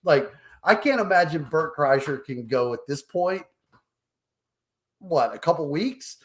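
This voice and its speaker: A man's voice: on the high side, very animated, measured pace, pauses often. A tipsy man co-hosting a podcast, telling stories in casual chat and laughing often. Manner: laughs often, chatty storytelling. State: tipsy from drinking. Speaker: podcast co-host.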